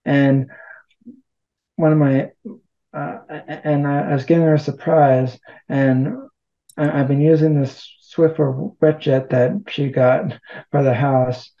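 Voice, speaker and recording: A man's voice: a little high, fairly even intonation, slow pace, warm tone, dull audio. A man talking casually as an interview guest, rambling and poking fun at himself. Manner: rambling, self-deprecating humor. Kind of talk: casual conversation.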